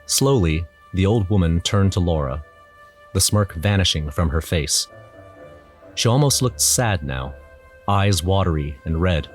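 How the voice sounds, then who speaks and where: A man's voice: low voice, expressive, unhurried. A man narrating an audio drama in first person, nervous and wry. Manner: nervous, wry inner monologue. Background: music.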